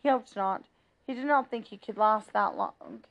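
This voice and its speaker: A woman reading a children's novel aloud in a steady, plain narrating voice, with small slips. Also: mid-range voice, normal speed, creaky, highs cut off. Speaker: reader.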